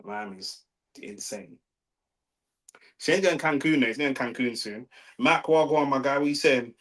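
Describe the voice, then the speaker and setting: The speaker is a young man with a London accent from London, England, running a live fight watch-along. Laid-back and slangy, he swears and reads the chat out loud. His medium-pitched voice is fairly bright and a little slow, captured in low quality.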